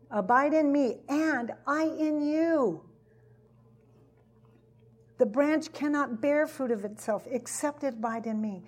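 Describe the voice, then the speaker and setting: Woman preacher, higher voice, breathy, deliberate, leans on repetition. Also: a little mellow. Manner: emphatic, repeats key phrases. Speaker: Bible teacher. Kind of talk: teaching sermon.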